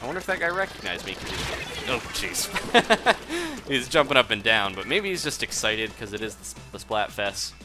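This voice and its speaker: This streamer has a mid-range voice with wildly swooping pitch and talks a little fast. He chats live while playing a game, laughing often and reading out viewer messages, as game music plays behind him.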